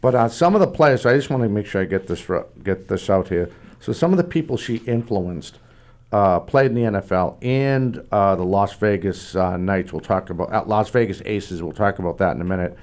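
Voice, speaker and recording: A man hosting a sports talk interview, friendly and a bit halting, often restarting his sentences as he asks questions. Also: fairly low pitch, darkish tone. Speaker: podcast host.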